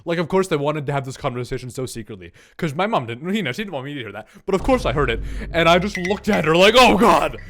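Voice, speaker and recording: Young man telling an animated, sweary story. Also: fairly high pitch, fast talker. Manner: animated, swearing, comic exaggeration. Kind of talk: comic storytime.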